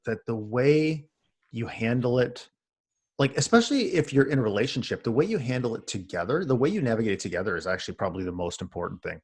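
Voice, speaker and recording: A man, a husky voice, chatting casually as a podcast co-host and telling an animated, swearing story. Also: mid-range voice. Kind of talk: casual chat among friends.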